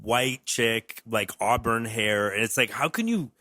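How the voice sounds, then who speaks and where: A man joining a comedy podcast, chatting in an animated, amused way. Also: medium pitch, a little slow, no echo, clean studio sound. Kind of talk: casual comedic chat.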